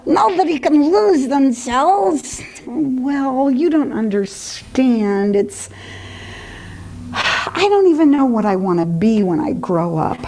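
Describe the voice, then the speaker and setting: A woman's voice: fairly high pitch, sing-song, slow pace, crowd noise, rough recording. A woman playing herself in a comic puppet dialogue, sounding weary, reluctant and self-deprecating. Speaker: puppeteer and spiritual teacher.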